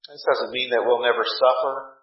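A male pastor preaching a sermon, emphatic, with slow drawn-out pauses and rhetorical questions. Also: medium pitch, little pitch movement. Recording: echoey, distant, dull room recording.

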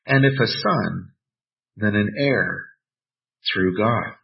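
A man preaching a sermon, reading scripture aloud and adding playful personal asides in a measured, deliberate way. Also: lowish voice, gravelly, dull audio, a little hiss or hum. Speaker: pastor.

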